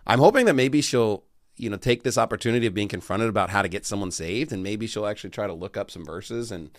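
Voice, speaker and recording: Guy hosting a chat, lowish voice, laughs a lot, dry close mic. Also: lively intonation, fast talker, dry recording. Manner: chatty, laughing, stammering restarts. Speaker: show host. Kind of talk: casual chat.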